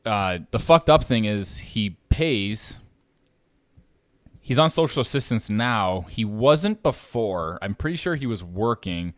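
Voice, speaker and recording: Swearing, animated man telling a story. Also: lowish voice, slow, no room sound, clean studio sound. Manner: animated storytelling, swears freely, gets louder when riled. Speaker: podcast host, landlord. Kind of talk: casual podcast chat.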